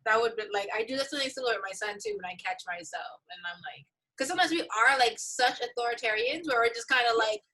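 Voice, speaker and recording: A bubbly woman host reacts eagerly, her high voice rising and falling a lot. She is a little off the mic, so she sounds slightly distant. Her tone is bright and sharp. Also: expressive, fast talker, few pauses. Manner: enthusiastic, laughing along. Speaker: summit host. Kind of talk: casual conversational interview.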